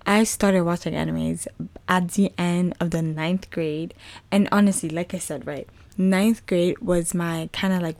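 A woman's voice: fairly low pitch, dark tone, no echo. A young woman hosting a podcast, sharing a personal faith testimony in a chatty, rambling way full of fillers. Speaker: podcast host.

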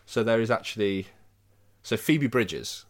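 A man's voice: fairly low pitch, expressive, normal speed. A man co-hosting a casual chat, joking and swearing freely. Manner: joking, swears freely, bursts into loud mock movie lines. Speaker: podcast co-host.

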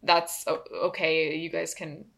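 A woman with an English Canadian accent co-hosting a casual chat podcast, talking fast and laughing often. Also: sits low, little pitch movement, vocal fry, fairly bright tone. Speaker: podcast co-host.

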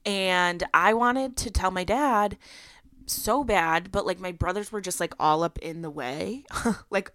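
A woman's voice: lowish voice, a little slow, fairly bright tone, dry recording, clean studio sound. A young adult woman hosting a podcast, telling a personal story in a chatty way with lots of fillers. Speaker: podcast host.

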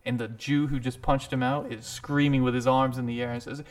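A man's voice: medium pitch, flat delivery, fairly quick. A man running a tabletop game as game master, narrating loosely with frequent laughs.

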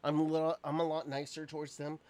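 A man's voice: a little high, little pitch movement, fast talker, a little mellow. A man, a restaurant manager, telling a work story in casual, profane podcast chat.

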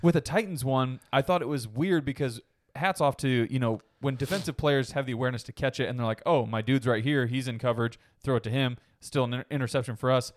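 Man, sports podcast co-host, animated, swears a lot, casual banter. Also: medium pitch, fast.

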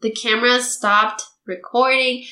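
A woman's voice: fairly high pitch, a little slow. A young woman, a podcast host, telling a personal story in casual chat and acting out what people said. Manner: animated storytelling, acting out quotes. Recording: echoey room.

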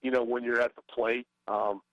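A man's voice: mid-range voice, level tone, moderate pace, a bit bright, no room sound, rough recording. A middle-aged man, a former baseball player, talking as a guest in a casual interview, hesitant with many fillers and restarts.

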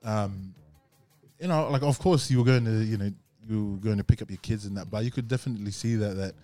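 A man's voice: lowish voice, fast talker, dark tone, no echo, faint music behind. Rambling man chatting casually. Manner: rambling, many fillers and restarts. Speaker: podcast host. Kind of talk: casual chat.

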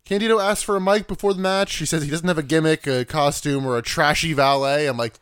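A man's voice: on the high side, quick pace, fairly bright tone, clean tone, no echo. A young man co-hosting a podcast, recapping in casual chat with dry jokes. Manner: dry jokey recap narration. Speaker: podcast co-host.

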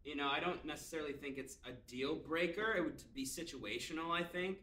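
A young man co-hosting a podcast, relaxed and quick to agree or laugh along in casual chat. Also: a little high, recorded from a distance. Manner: laid-back, short agreeing replies, laughs easily. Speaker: podcast co-host. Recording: echoey room, off-mic, faint noise.

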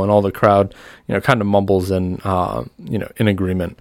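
A man with a fairly low voice narrates as game master, calling for rolls and setting scenes at a steady pace. The sound is dry and close to the mic. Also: a little fast, gravelly, dry recording.

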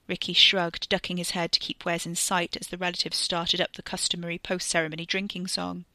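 Bright-voiced woman narrating a story. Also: fairly low pitch, normal speed, few pauses, dry recording. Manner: expressive, tense storytelling. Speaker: reader. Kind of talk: scripted narration of a serial story.

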